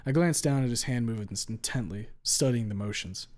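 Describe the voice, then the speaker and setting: A man reading a first-person story aloud with a blunt, deadpan delivery and casual swearing. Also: medium pitch, brisk, hardly any pauses. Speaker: story reader.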